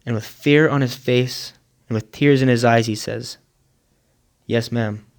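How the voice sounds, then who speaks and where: A man telling a moving story in a sermon, measured and earnest, with dramatic pauses. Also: medium pitch, fairly even intonation. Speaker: speaker.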